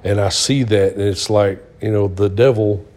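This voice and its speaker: A middle-aged man, co-hosting a Christian talk show, delivers casual testimony and stories in the earnest manner of a preacher, filled with fillers. His lowish voice has a darkish tone, fairly even intonation, and normal speed.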